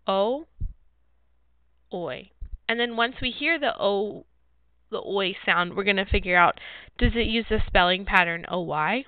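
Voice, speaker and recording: A woman teacher explains a phonics sort in slow, clear, patient steps. Her voice comes through narrow and phone-like, with a dry, close sound and no room around it. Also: mid-range voice, dry recording. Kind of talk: phonics word sort lesson.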